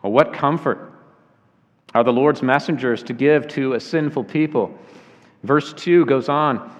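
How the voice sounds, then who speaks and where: A man preaching a sermon earnestly, slowing down to weigh key phrases. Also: mid-range voice, lively intonation. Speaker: pastor. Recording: dull sound with long hall reverb.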